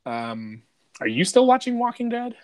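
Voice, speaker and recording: A man's voice: very high voice, big pitch swings, normal speed, clean tone. Chatty profane man riffing on a podcast. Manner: rambling, profane, peppered with "dude" and "like". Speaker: podcast co-host. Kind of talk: casual podcast chat.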